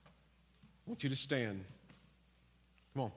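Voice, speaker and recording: A man's voice: medium pitch, expressive, takes it slowly, a bit bright, a little hiss or hum. A man preaching a sermon and leading an altar call, teasing at times and then fervent and pleading. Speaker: pastor. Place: large church with live music. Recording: long hall reverb, music behind.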